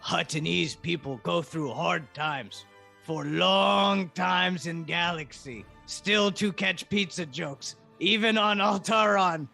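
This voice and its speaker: A man voicing a sinister crime boss who gloats and talks slowly. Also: high-pitched, vocal fry, sharp tone, soft background music, pitched above the performer's own voice, full character voice. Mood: gloating. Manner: slow, gloating, villainous.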